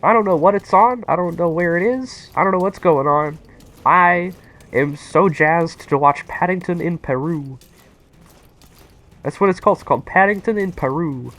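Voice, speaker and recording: A young man chatting casually and excitedly with his viewers while playing a game on a live stream. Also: sits high, moderate pace. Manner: excitable, rambling, talks to chat.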